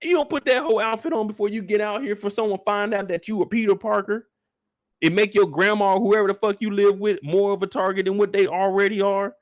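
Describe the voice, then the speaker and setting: A man with a high-pitched voice tears into a comic rant, animated and exasperated, with frequent cursing. The sound is dry and close, with no room echo. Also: a little fast. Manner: animated, profane, exasperated storytelling. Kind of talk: comedic rant.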